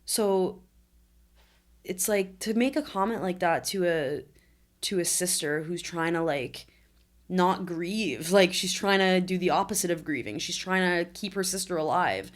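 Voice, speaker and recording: A woman's voice: lowish voice, unhurried. A woman in her twenties, a podcast guest, telling her story candidly and earnestly in conversation. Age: 20s. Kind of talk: conversational interview.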